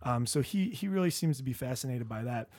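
A man's voice: medium pitch, expressive, brisk, darkish tone, no echo, studio quality. A man hosting a casual podcast chat, rambling with many restarts and fillers. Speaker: podcast host.

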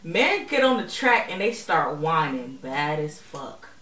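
Slangy woman podcast cohost, bright voice, sounds a bit off mic in an echoey room. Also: sits low, unhurried, recorded from a distance. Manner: animated, laughs often, slangy. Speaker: podcast co-host. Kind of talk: casual chat.

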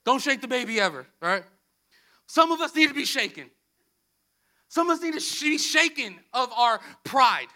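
High bright-voiced man preaching. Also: sing-song, moderate pace, long pauses. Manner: emphatic, repeats key phrases, swings between soft and loud. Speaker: pastor. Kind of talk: sermon.

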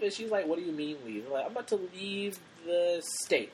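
A man's voice: high voice, fairly quick, slight background noise, rough recording. Rambling young man telling stories. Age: late teens. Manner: rambling storyteller, acts out quotes. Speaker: podcast co-host. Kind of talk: casual chat.

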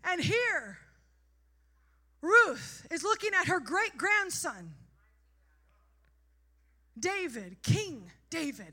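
A woman preacher delivering a sermon, moving from quiet storytelling to passionate, shouted exhortation. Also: extremely high pitch, very animated, slow, pauses often.

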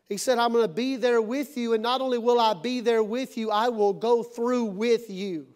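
A middle-aged man preaching a sermon to his congregation in church, dramatic, acting out voices and swinging between loud and hushed. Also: extremely high pitch, steady tone, normal speed, few pauses. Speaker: pastor.

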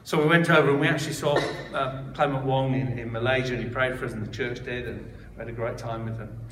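Recorded from a distance in a spacious hall with some hiss or hum, a man shares his church testimony at a quick pace. His medium-pitched, slightly bright voice stays fairly even, and he keeps restarting and adding asides as he talks.

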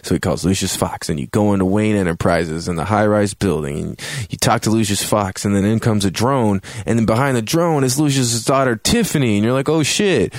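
A man with a fairly low voice recaps a video game in a casual review. He tells the story in a loose, animated way, full of swearing. The sound is dry and close. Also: a little fast, no echo. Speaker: host.

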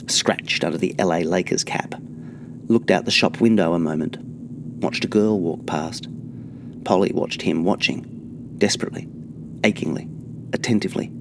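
A low-pitched man reads from his own novel, steady and measured. His delivery is intimate and unhurried, letting the lines breathe. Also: vocal fry, background noise.

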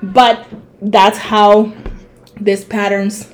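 A woman's voice: mid-range voice, extremely slow. A young adult woman co-hosting a podcast, chatting casually, swearing and acting out scenes as she tells stories. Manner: animated storyteller, swears, mimics her mother. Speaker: podcast co-host.

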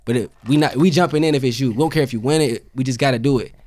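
A man's voice: mid-range voice, rapid-fire, no room sound, clean studio sound. A young man, a guest on a casual podcast, telling a long story and acting out what each person said. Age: young adult. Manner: animated storyteller who acts out quoted lines.

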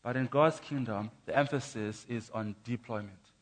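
A man's voice: mid-range voice, normal speed. A man preaching his testimony in a church, emphatic, with rhythmic contrasts and stammering repeats. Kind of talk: sermon.

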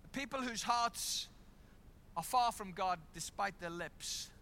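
Emphatic man preaching in church, high-pitched and piercingly bright. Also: slow. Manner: emphatic, builds to loud declarations. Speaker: pastor. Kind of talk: sermon.

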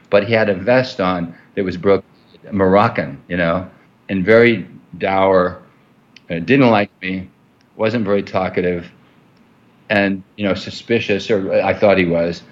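A low-side male voice, with the highs cut off, carries a long, rambling story told during an interview. He keeps restarting and uses many fillers as he tells it conversationally.

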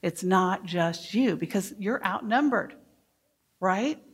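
Speaking slowly in a husky, expressive mid-range voice, a woman educator leads a workshop for teachers. She makes her points with emphasis and poses questions to those listening.

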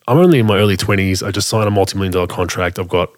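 A man with a fairly low voice tells a story in a loose, casual way. He gets animated and keeps restarting his sentences. He acts out the back-and-forth of the dialogue as he goes. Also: very fast.

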